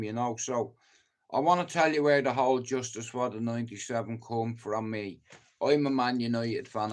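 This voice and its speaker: A middle-aged man from Ireland hosting a livestream, telling rambling stories in casual chat and swearing a lot. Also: mid-range voice. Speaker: livestream host.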